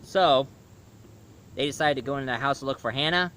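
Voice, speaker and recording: A man's voice: medium pitch, fairly quick, fairly bright tone, a little hiss or hum. A man casually reviewing a cartoon, retelling the plot in a rambling way with fillers.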